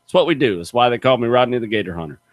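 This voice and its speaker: Man, middle-aged, folksy emphatic storyteller, lively up-and-down voice, dry studio sound. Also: medium pitch, racing, no room sound. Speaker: radio show host, gator hunter. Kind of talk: casual radio chat, storytelling.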